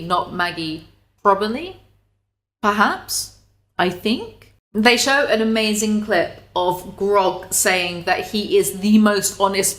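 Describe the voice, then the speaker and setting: A woman's voice: mid-range voice, fairly bright tone. A woman commentator with a mid-range voice, chatty and sarcastic. She rolls her eyes through the material in a loose, casual video-commentary style, dropping the odd swear. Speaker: commentary YouTuber.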